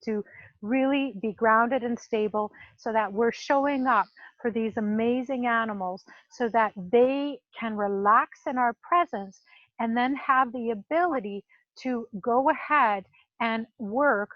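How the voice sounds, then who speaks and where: A woman leading a volunteer training demonstration at a farm sanctuary, animated and laughing often as she explains. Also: on the high side, unhurried, dry recording, muffled recording. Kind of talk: instructional demonstration.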